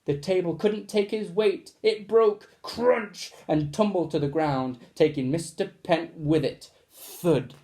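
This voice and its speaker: A man reading a children's storybook aloud in a lively way, adding sound effects as he goes. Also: on the high side, normal speed, hardly any pauses.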